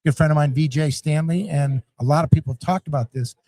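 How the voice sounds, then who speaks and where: A man's voice: on the high side, quick pace. A middle-aged man, a guest on a podcast, talking animatedly and acting out coaches and parents as he goes. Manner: animated storyteller, acts out yelling parents and scats rhythms. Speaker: youth sports league founder, guest. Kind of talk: conversational podcast interview.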